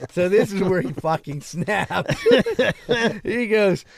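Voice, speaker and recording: A man's voice: high voice, animated, unhurried, vocal fry, dry recording. A man telling a long, profane, rambling story on a podcast and laughing at his own jokes. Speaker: podcast co-host. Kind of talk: casual storytelling.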